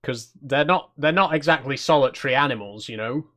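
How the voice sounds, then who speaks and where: This channel host speaks at a medium pitch with a fairly bright tone and a fairly quick pace. He chats with viewers as he gives relaxed, slightly self-conscious commentary on his gameplay.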